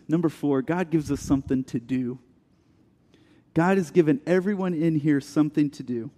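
A man preaching an earnest sermon as pastor, dropping to a hush for soft passages and building with rising questions. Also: fairly high pitch. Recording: long hall reverb.

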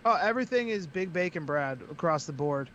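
A young man from Western Massachusetts, a wrestler chatting as a podcast guest in a joking, animated way. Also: on the high side, a little fast, dull audio. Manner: joking, animated, mocking impressions. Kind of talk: casual chat.

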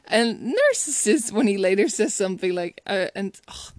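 A woman's voice: fairly high pitch, animated, moderate pace, dry recording. Chatty woman musing about a film. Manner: chatty and reflective, laughs often, many restarts. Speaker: film reviewer. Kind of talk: casual spoken movie commentary.

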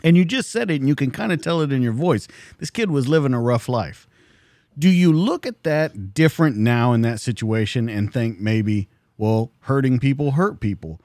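A man's voice: medium pitch, lively intonation, normal speed, a little mellow, no room sound. A man hosting an interview, asking a reflective question and repeating words as he builds it. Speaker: podcast host.

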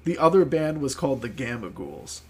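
A man's voice: medium pitch, big pitch swings, moderate pace, slightly rough. Rambling, profane New podcast guy. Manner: rambling, profane, heavy filler words. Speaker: podcast co-host. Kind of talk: casual chat, storytelling.

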